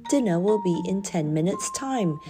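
A woman's voice: medium pitch, animated, moderate pace, music in the background, close to an everyday voice. A woman voicing a harsh, bullying male schoolmaster who barks orders and roars at children in a storybook reading. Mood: roaring. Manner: roaring, barking orders.

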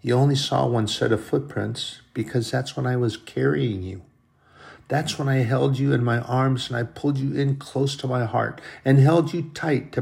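God, gentle fatherly reassurance, read by a man, gravelly tone, sermon storytelling. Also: mid-range voice, lightly acted. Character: God, a tender fatherly male voice.

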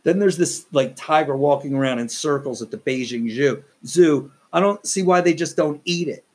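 A man's voice: on the high side, normal speed, husky. A man hosting a solo podcast, ranting in a profane, exasperated, rambling way. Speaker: podcast host.

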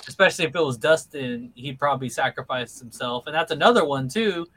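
A man co-hosting a podcast in casual chat, rambling and animated as he retells scenes. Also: mid-range voice, fairly quick, slight background noise, rough recording. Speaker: podcast co-host.

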